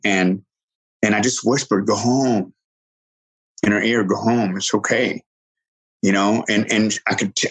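A middle-aged man earnestly telling a personal story, halting and restarting, quoting others in lively voices. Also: on the low side, slightly rough, rough recording.

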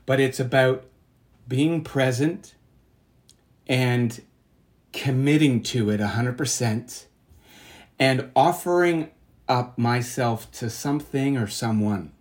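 Slow, measured male interviewer. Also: mid-range voice, lively intonation, darkish tone. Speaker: interview host. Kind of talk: interview conversation.

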